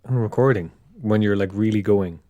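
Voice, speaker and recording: A man's voice: fairly low pitch, normal speed, mellow, no echo, muffled recording. An Irish man co-hosting a podcast in casual chat, dropping dry teasing quips. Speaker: podcast co-host.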